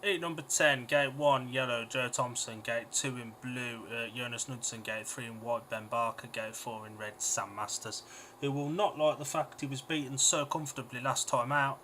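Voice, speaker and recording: A British man with a bright, forceful voice reads out gates and riders in a matter-of-fact, knowledgeable way. Faint noise hums behind him. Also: mid-range voice, steady tone, normal speed. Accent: British English. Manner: matter-of-fact, knowledgeable line-ups and race summaries. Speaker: co-host giving race analysis. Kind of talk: casual sports commentary.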